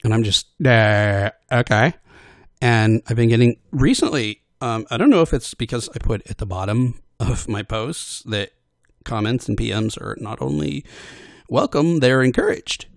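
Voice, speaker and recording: A man talking in a loose, wandering monologue at a middle pitch, recorded close and dry with no room sound. He is self-deprecating and hesitant, stumbling over restarts and fillers, and keeps slipping into quick character voices to quote other people. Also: gravelly, no room sound. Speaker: voice actor for audio posts. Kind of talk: casual rambling monologue.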